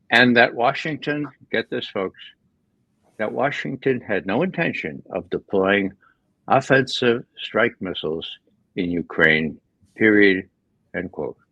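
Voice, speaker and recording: An older man giving political commentary as a guest, animated with laughing asides and frequent restarts, heard over a dull lo-fi line. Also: medium pitch, no room sound. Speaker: guest analyst. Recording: dull lo-fi remote audio.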